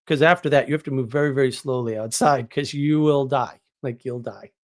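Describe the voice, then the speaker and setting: A man's voice: medium pitch, a little fast. A man from New England hosting a live stream, chatting casually, rambling and joking with exaggeration as he answers viewers. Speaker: live stream host reading chat.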